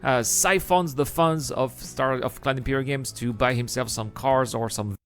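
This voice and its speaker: Measured male countdown-video narrator. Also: medium pitch. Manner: measured and explanatory, steadily makes his case.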